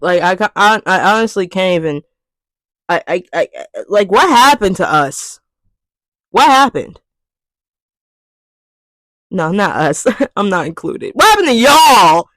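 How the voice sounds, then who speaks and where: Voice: mid-range voice, lively intonation, slow, long pauses, fairly bright tone, dry recording, low-quality recording. A vlogger ranting casually to camera, exasperated and profane, repeating phrases for emphasis.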